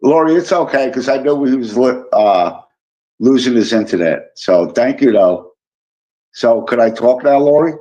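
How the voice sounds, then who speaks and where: A man's voice: medium pitch, animated, moderate pace, warm tone. Chatty man hosting a live stream, lo-fi. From Illinois. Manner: chatty, greets viewers by name, teasing. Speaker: livestream host. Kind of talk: casual live chat reading comments. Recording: dull lo-fi sound.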